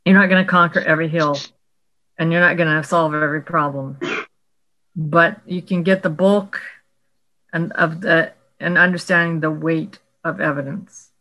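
A woman explaining Bible passages in a relaxed discussion, slowing down to quote verses. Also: deep voice, rough recording. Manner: explanatory, quotes scripture slowly, some restarts. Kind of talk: casual scholarly discussion.

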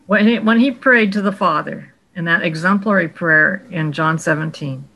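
A woman explaining Bible passages in a relaxed discussion, slowing down to quote verses. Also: lowish voice, slight background noise, rough recording. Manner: explanatory, quotes scripture slowly, some restarts. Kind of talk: casual scholarly discussion.

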